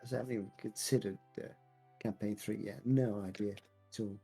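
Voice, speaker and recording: A man's voice: lowish voice, steady tone, normal speed, gravelly, dark tone, breathy edge, soft background music. A man casually chatting as a podcast co-host, thoughtful and rambling with frequent restarts. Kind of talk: casual chat.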